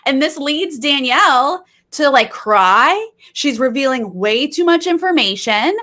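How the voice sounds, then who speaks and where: A woman's voice: high voice, lively intonation, a little slow, bright, forceful tone. A woman co-hosting a podcast, chatting casually through a recap with opinionated critiques. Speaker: podcast co-host.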